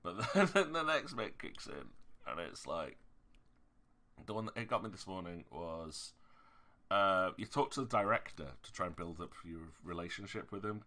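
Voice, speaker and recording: A low-pitched man with a Yorkshire accent talks casually to his stream audience. His voice is bright and forceful, with a tense edge. He wanders from point to point, stopping to correct himself and pressing hard on whatever annoys him. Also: big pitch swings, normal speed. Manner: rambling, hesitant, corrects himself often. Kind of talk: casual chat while streaming a game.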